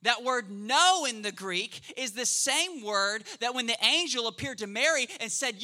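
Lively man preaching a sermon, bright voice. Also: very high voice, normal speed, hardly any pauses. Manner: conversational preaching, checks in with the crowd; acts out quoted voices in a lively way. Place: church service.

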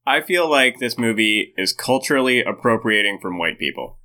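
A man's voice: mid-range voice, lively intonation, normal speed, bright, forceful tone. A man co-hosting a casual podcast, joking in a dry, sarcastic way. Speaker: podcast co-host. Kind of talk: casual chat.

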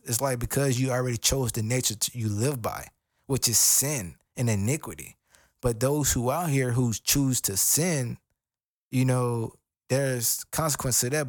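A man's voice: mid-range voice, no echo. Earnest man preaching informally, dry sound. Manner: conversational and earnest, with repeated phrases and slang. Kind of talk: informal sermon.

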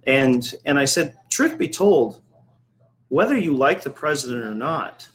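A man's voice: medium pitch, big pitch swings, a little slow, poor audio. Middle-aged guy rambling through a story, lots of ums and restarts, chatty. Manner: rambling anecdotal storyteller, many restarts and fillers. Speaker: coffee shop owner and podcast host. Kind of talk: casual storytelling chat.

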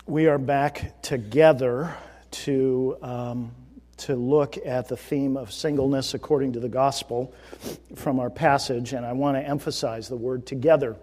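A man's voice: mid-range voice, fairly even intonation, a little slow, mellow, slight background noise. A man preaching an earnest, emphatic sermon as pastor, with frequent fillers and restarts. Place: church sanctuary. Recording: long reverb of a large hall.

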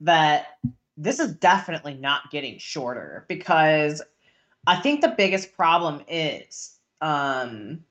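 A woman with a somewhat low voice talks casually as co-host, picking apart a story draft. She clears her throat now and then and fills pauses with ums while she thinks aloud. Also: fairly bright tone. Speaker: podcast co-host critiquing writing. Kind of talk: casual chat.

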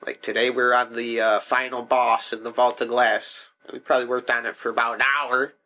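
A man's voice: medium pitch, flat delivery, fairly quick, sharp tone. A young man co-hosting a casual chat, laid-back and profane as he complains about games. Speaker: podcast co-host.

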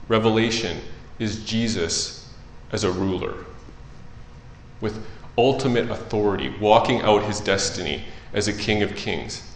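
A man preaching a sermon and reading scripture aloud, talking in a conversational way and swinging between soft, quiet stretches and louder, emphatic ones. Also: lowish voice, echoey room, slight background noise, low-quality recording.

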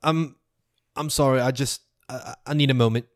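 A man's voice: medium pitch, steady tone, normal speed, no room sound, studio quality, pitched above the performer's own voice, close to an everyday voice. A man voicing a nervous, apologetic winged guard who stammers and rambles.

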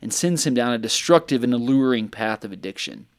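A man's voice: medium pitch, lively intonation, brisk, smooth. A man co-hosting a podcast in casual chat, playful with mock-dramatic buildups. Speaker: podcast co-host.

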